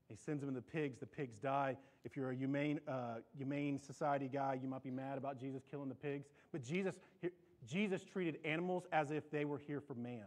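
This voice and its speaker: A man preaching a sermon in a church, animated, often repeating and restarting his words. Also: normal speed. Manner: animated, climbs in pitch and volume for emphasis. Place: church sanctuary.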